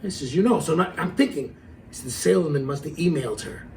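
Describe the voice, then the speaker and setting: A middle-aged man telling a story in a casual, animated way, acting out the quotes and laughing as he goes. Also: a little high, fast, vocal fry, recorded from a distance, a little hiss or hum, poor audio.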